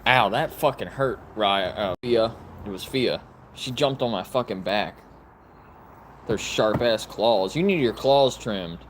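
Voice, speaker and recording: A man filming on his phone outdoors in a yard, talking to rescue dogs. He swears casually and often slips into high, sing-song baby talk. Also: a little slow, slight background noise. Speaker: vlogger at a dog rescue. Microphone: phone camera held in hand.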